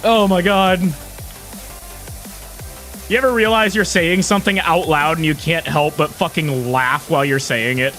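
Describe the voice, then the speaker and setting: A man's voice: fairly high pitch, fairly even intonation, moderate pace, long pauses, pushed and bright, faint music behind. A young man streaming a game from home on a desk mic, chatting casually in a giggly, profane, self-mocking way. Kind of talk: casual live-stream chat while gaming.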